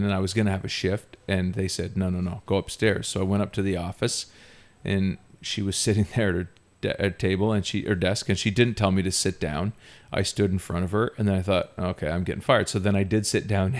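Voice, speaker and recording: A low-voiced podcast host from Ontario, Canada, tells a story casually. He's animated and self-mocking, laughing often as he goes.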